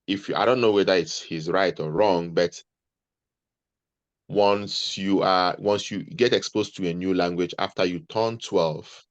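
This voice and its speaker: A man with a low voice, appearing as a guest in a conversational interview, earnestly offers advice and often restarts sentences, repeating himself midway. The recording has no room sound and its highs are cut off.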